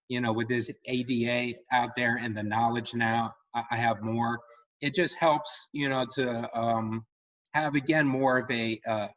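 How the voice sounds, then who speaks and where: A man who stutters on repeated sounds and fills pauses with um and you know, sharing personal thoughts in a meeting. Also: mid-range voice, a bit bright, muffled recording. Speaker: meeting participant.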